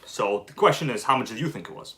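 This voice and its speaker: A man hosting a casual live stream and chatting with his audience, animated and quick to flare up with irritation. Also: fairly low pitch, slight background noise. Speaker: livestream host.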